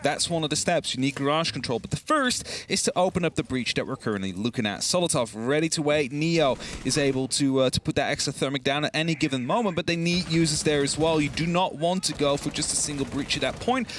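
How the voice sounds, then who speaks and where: A young man casting an esports match, chatty and energetic, laughing easily. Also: a little high, fast talker, few pauses, slight background noise. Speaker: esports caster. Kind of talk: esports commentary.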